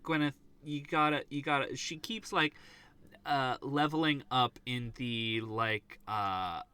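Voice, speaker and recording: A man hosting a podcast, chatting in an animated, joking way with frequent restarts. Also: medium pitch, slow, clear, resonant tone. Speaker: podcast host. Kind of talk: casual chat.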